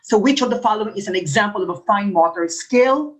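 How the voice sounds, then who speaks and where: A woman's voice: medium pitch, a little fast, rough recording. A woman teaching an exam review, reading out each question and its options before explaining the answer. She repeats key answers for emphasis. When she models example sentences, her intonation becomes exaggerated.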